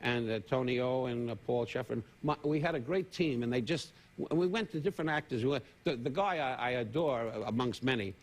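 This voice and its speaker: A man's voice: medium pitch, a little fast, hardly any pauses. A man in his eighties, a talk show guest, trading brash, needling insult comedy and laughing at his own jokes. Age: 80s. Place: TV studio. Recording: TV studio with loud audience laughter. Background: loud studio audience laughter.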